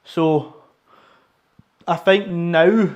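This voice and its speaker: Recorded indoors at the gym on a wireless lapel mic under his t-shirt, a young Scottish man who vlogs about powerlifting rambles through casual talk about his training, correcting himself as he goes. He speaks extremely slowly in a high-pitched, steady, darkish voice, and the recording sounds muffled.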